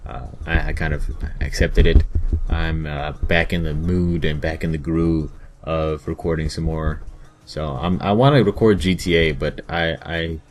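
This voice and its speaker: A young man vlogging casually to his viewers, rambling and halting with many restarts. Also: very deep voice, steady tone. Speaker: gaming vlogger. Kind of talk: casual vlog talk to viewers.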